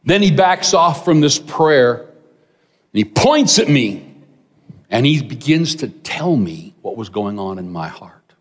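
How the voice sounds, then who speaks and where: A middle-aged man preaching a sermon, telling a personal story with animated asides to the congregation. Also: mid-range voice, slow pace. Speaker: pastor. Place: large church hall. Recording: long hall reverb.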